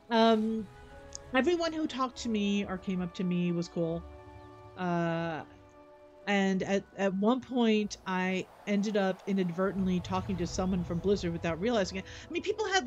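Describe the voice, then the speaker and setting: A woman's voice: mid-range voice, a little mellow, lo-fi sound. A woman streaming a game, chatting casually and rambling with lots of fillers and self-corrections. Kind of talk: casual gaming chat. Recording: faint background noise.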